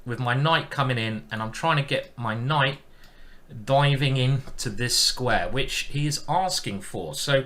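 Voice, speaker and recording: A man's voice: medium pitch, a little slow, a bit bright. A man giving chatty live-stream commentary on his own chess game, thinking aloud and poking fun at himself.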